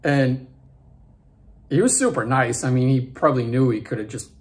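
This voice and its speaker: A man's voice: mid-range voice, normal speed. A man in his forties hosting his own vlog, telling a backstage story in a rambling way with many fillers and restarts. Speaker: vlog host. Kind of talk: casual storytelling.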